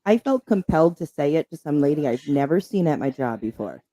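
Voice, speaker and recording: Woman co-host telling stories, lowish mellow voice, dry close sound. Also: brisk, no echo. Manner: animated, laughs while telling stories. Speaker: podcast co-host. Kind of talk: casual storytelling chat.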